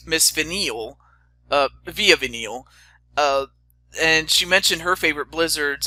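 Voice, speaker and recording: A man's voice: fairly high pitch, bright, forceful tone, dry recording. A young man hosting a casual chat, rambling with stammering restarts and fillers. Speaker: host.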